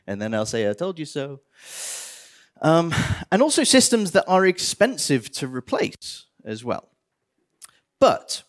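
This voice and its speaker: A man giving a conference talk on stage, animated, with bursts of theatrical mock despair. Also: medium pitch. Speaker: conference speaker.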